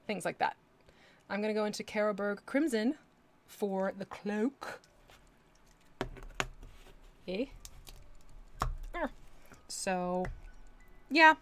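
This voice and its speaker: A chatty woman talking through her painting on a live stream. She laughs often and drifts into playful voices, with an ordinary mid-range pitch. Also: measured pace, pauses often. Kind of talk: casual live-stream chat while painting.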